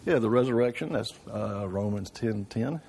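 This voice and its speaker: A man with a fairly low, husky, slightly mellow voice with vocal fry speaks at a normal speed. He's leading an informal Bible class at church in a conversational way, often putting questions to the room and checking in with "right?".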